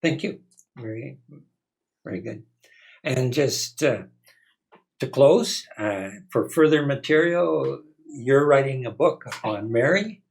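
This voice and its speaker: A man co-hosting a podcast interview, speaking softly and hesitantly, with many fillers and restarts. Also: medium pitch, expressive, slow pace, creaky, pauses often. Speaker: podcast co-host. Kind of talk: casual interview chat.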